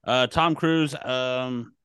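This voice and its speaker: A man with a bright, smooth, crisp voice talks through movie trivia on a podcast. He hesitates often and fills the gaps with "um" and "uh". The recording is dry and close. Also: mid-range voice, steady tone, very slow, dry recording. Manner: hesitant, many fillers. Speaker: podcast co-host. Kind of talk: casual movie chat.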